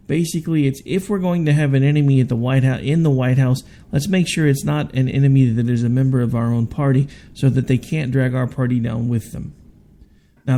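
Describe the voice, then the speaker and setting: Brief: male talk radio host, gravelly and mellow, conversational monologue with restarts. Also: mid-range voice. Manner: conversational, hedging, frequent restarts.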